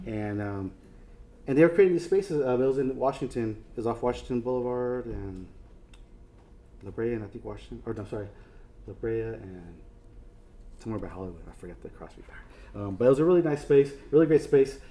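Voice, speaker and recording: A man's voice: mid-range voice, lively intonation, brisk, mellow. A man giving a casual artist talk, rambling and self-deprecating, with many fillers and restarts. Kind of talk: casual lecture.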